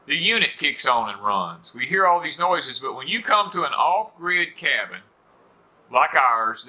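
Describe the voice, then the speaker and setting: Forceful folksy Southern man on a porch. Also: medium pitch. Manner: folksy, rambling, with many "you know" fillers. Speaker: homestead channel host. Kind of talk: casual porch talk to viewers. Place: on a porch at home.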